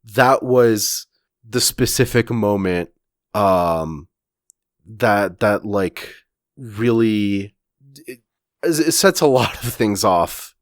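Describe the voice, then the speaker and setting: A man with a lowish voice talks slowly and haltingly on a podcast, full of fillers and restarts. The sound is dry and close, with no room around it. It comes across as relaxed, unscripted chat. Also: no room sound. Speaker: podcast co-host. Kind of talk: casual chat, recapping a comic chapter.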